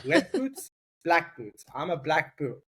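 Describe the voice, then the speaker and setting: A man from London, an army reservist guest, telling personal stories in a fast, halting way, repeating words and rising sharply when emphatic. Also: a little high, wildly swooping pitch, gravelly, background noise. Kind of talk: emotional personal storytelling.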